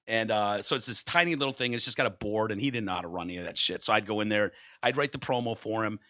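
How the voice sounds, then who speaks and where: A man's voice: on the low side, fast talker, lo-fi sound. A man hosting a podcast, telling stories in casual chat and swearing freely. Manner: swears freely, animated storytelling. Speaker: radio host.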